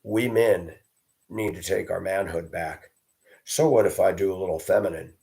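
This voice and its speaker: Hosting his own video, this man launches into a profane, combative rant, mocking people loudly and bluntly. His voice is low and creaky with a warm tone, and he keeps a moderate pace through the monologue.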